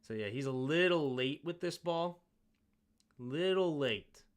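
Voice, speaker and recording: A man's voice: fairly high pitch, expressive, slow, clear, resonant tone. A man hosting a sports show, casually breaking down game film and thinking aloud with self-mocking asides.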